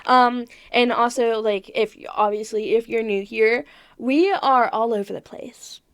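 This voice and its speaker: A woman's voice: on the high side, a little slow, clean tone. A young woman co-hosting a casual podcast, giggly and bubbly, reading posts aloud and adding asides. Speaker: podcast co-host.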